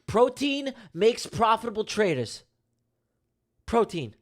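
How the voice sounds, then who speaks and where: His voice is high and slow, swinging widely in pitch. Streaming his live day trading, he jokes around with viewers in a slangy, emphatic, repetitive way.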